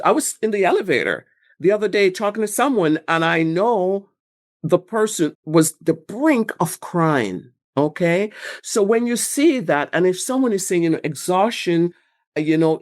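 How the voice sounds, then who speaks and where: A woman guest speaking about workplace burnout in a rambling, animated way, acting out quoted examples. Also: low voice. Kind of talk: conversational interview answers.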